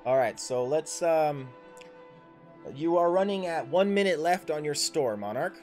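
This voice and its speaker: A man's voice: fairly high pitch, expressive, a little slow, a little mellow, soft background music. A man running a tabletop game as dungeon master on a livestream, coaching his players in an instructive way.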